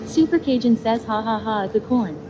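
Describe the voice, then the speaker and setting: A woman's voice: fairly high pitch, fairly quick, music in the background. Synthetic woman's voice reading chat. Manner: flat, even read-out of messages. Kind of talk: reading chat messages aloud. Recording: noisy outdoor stream audio.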